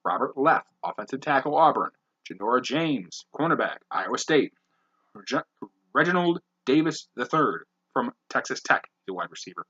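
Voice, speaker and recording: A man hosting a podcast, briskly reading off a long list of names with blunt, profane asides. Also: medium pitch, big pitch swings, sharp tone, slightly rough, dull audio. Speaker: podcast host.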